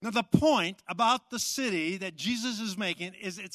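A man's voice: high voice, lively intonation, moderate pace, few pauses, a bit bright, dry recording, clean studio sound. A man preaching a sermon, emphatic and repetitive, with rhetorical questions. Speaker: pastor.

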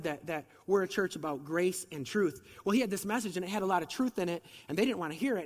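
A man with a fairly high voice preaches at a quick clip, chatty and full of rhetorical questions. He has a bit of a cold. His voice carries a long reverb, as in a large hall. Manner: conversational, fast, with rhetorical questions. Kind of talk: sermon.

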